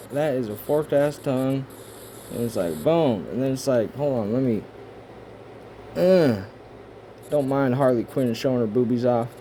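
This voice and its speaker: A man of middle pitch talks casually over a set of images, cursing freely and jumping between rambling asides and loud, excited outbursts. A faint hum of room noise sits behind his voice. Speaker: video creator.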